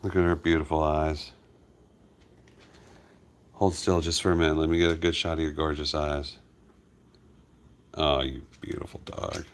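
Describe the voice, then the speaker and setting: Deep-voiced man chatting on a live stream. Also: flat delivery, normal speed, pauses often, slight background noise. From United States. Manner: talks fondly to his dogs while reading viewer comments. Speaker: farm hospice channel host. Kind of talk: casual live stream chat.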